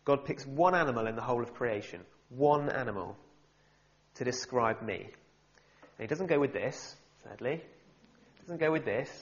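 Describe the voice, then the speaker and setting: Guy preaching, jokey and lively, mid-pitched voice, kinda muffled audio. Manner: humorous and animated, with wry asides. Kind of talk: sermon. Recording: slightly dull, muffled sound.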